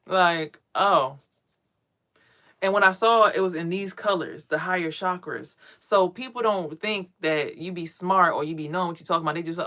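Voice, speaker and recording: A woman's voice: lowish voice, moderate pace, a bit bright. A woman and mother talking to camera in a rambling, profane, streetwise way about meditation and energy. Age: adult parent. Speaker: spiritual vlogger. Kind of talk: casual spiritual monologue.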